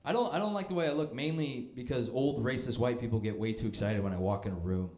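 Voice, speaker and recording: A young man with a mid-range, slightly mellow voice works a comedy club stage at a quick clip. His stand-up delivery is dry, self-deprecating and mocking, and the club room gives the recording an echo.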